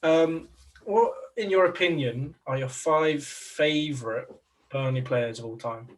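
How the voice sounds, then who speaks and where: A man hosting a podcast, asking questions in a relaxed way with fillers. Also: fairly high pitch, unhurried. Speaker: podcast host. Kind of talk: casual interview. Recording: voice a bit far from mic.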